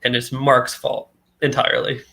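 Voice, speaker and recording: Gravelly, bright-voiced man recapping comics. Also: medium pitch, monotone, normal speed, rough recording. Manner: retells plot with quoted character lines, laid-back. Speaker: podcast co-host. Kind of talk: casual comic book recap.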